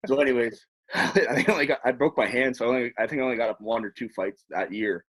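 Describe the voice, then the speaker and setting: With a breathy edge to his mid-range voice and a quick pace, a man who once played hockey rambles through long stories on a podcast. The storytelling is casual, animated and full of profanity.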